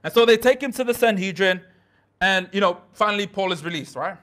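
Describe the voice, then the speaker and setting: A man's voice: high voice, brisk, fairly bright tone. A man preaching a midweek sermon in a church, talking casually with slang and asides.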